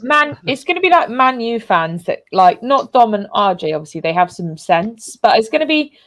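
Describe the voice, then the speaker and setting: A woman's voice: a little high, sing-song, moderate pace, fairly bright tone. A woman co-hosting a casual football chat, speaking bluntly and emphatically. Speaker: co-host.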